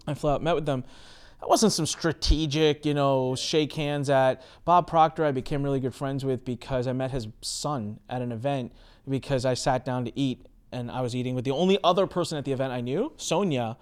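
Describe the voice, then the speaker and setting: Man, podcast host, casual storytelling, animated delivery, mid-pitched voice. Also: a little fast, clear, resonant tone. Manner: animated, acts out quoted exchanges with big pitch jumps.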